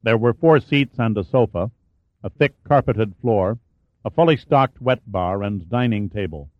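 A man narrating an audiobook in a measured, even reading. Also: lowish voice, dry recording. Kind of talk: scripted narration. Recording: dull, dry studio audiobook.

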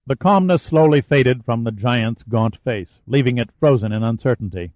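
A man narrating a thriller audiobook in an even, measured voice. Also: medium pitch, no echo, lo-fi sound. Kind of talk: scripted narration.

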